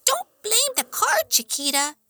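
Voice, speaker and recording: A woman voicing a small, grumpy, protective male talking dog in an audiobook, with a squeaky, drawling way of throwing out wisecracks. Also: big pitch swings, measured pace, sharp tone, exaggerated voice. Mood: sassy. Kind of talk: audiobook character voice.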